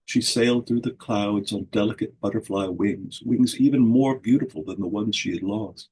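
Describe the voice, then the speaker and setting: A man reads a fairy tale aloud in a low, gravelly voice. His tone is deeply husky, and he shifts expressively into the characters' voices. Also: normal speed, a little mellow, low-quality recording. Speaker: reader at a book launch. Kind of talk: storybook reading.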